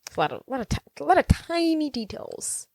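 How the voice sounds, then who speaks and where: A woman's voice: high voice, sing-song, a little fast, creaky, a little mellow, dry recording, clean studio sound. A young woman co-hosting a podcast, chatting playfully about a movie and often restarting her sentences. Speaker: podcast co-host. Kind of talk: casual movie recap chat.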